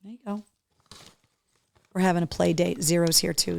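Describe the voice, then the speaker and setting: A woman hosting a casual live show, chatty and excitable, talking to her dog between opening gifts from fans. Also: fairly low pitch, normal speed, vocal fry. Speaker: host.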